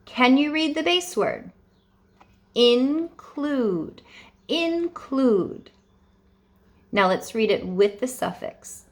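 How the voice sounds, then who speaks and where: A woman teaching first graders in a remote phonics lesson, slow and encouraging, with a sing-song teacher delivery. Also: fairly high pitch, expressive.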